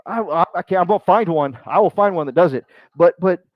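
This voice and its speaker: A man with a drawl talks to a room in a loose, joking way, wandering off track and poking fun at himself as he plays the people he quotes. His voice sits fairly high for a man. The sound is dry and a little dull, like a lo-fi recording. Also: fast, no room sound. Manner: rambling, self-mocking, acts out quoted voices. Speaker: speaker at a business meeting.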